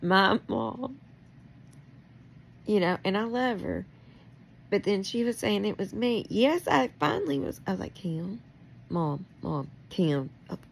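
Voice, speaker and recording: A middle-aged woman with a gravelly, fry-laced voice vents in a rambling personal monologue. She talks straight at someone she is angry with, firing off accusing questions and laughing through her fury. A faint hiss sits under her voice. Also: fairly high pitch, expressive, measured pace, long pauses. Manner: confrontational, addressing someone directly.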